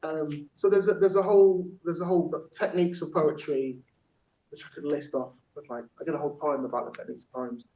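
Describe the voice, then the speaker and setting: A man leads a workshop, chatting loosely with plenty of fillers and restarts, his voice a little higher than most. He is picked up from across a large, echoey room on a dull-sounding mic, with a faint hiss behind him. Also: fairly even intonation, fast talker, mellow. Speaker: workshop facilitator. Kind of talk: teaching workshop with spoken-word poem performance. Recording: roomy, distant, dull room recording.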